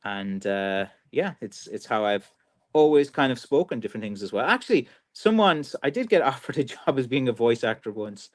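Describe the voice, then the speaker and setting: A man's voice: mid-range voice, expressive, normal speed. A man with a Kerry Irish accent hosting a live stream, chatting casually and reading out viewer comments with rambling restarts and lots of fillers. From Ireland.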